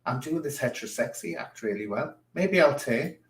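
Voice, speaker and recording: A man's voice: mid-range voice, animated, moderate pace, roomy sound. A man streaming a sarcastic, theatrical running commentary over a video. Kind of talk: mocking reaction commentary.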